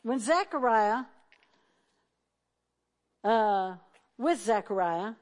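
A woman with a slightly high voice delivers a sermon. She talks to the congregation casually and reads scripture aloud, slowing down to lean on important words. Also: lively intonation. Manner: slows and stretches key phrases for emphasis. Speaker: preacher.

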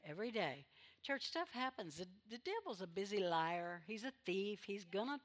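A woman pastor preaching a sermon in church, with emphatic calls and quick asides to the congregation. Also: mid-range voice, very animated. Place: church sanctuary.

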